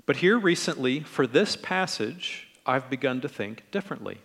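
A middle-aged man preaching a conversational sermon in a relaxed, friendly way, acting out quoted lines in different tones. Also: mid-range voice, normal speed, husky, big-room sound. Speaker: pastor.

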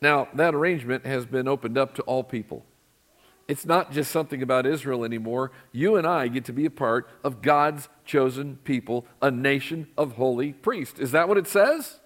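In a church sanctuary, a middle-aged pastor preaches conversationally and puts questions to his congregation. He talks at a normal speed in a mid-range, fairly bright voice.

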